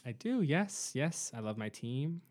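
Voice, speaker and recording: A man's voice: on the high side, big pitch swings, measured pace, a little mellow. A man from Romania, a podcast guest in casual chat, hesitant with many fillers and restarts, joking dryly.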